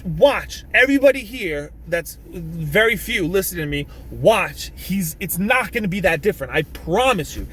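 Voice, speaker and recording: Guy ranting about stuff in his vlog, kinda high voice, swears a lot, keeps restarting, gets loud in bursts. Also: slight background noise. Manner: rambling, restarts often, swears, emphatic bursts. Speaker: vlogger. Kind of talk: casual political rant to camera. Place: in a vehicle.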